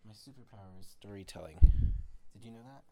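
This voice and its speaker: A man making up a bedtime story at home, speaking gently and often dropping to a murmur. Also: on the low side, lively intonation, fast talker, gravelly, a little hiss or hum. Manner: gentle, drifting into quiet murmurs. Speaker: parent telling a bedtime story.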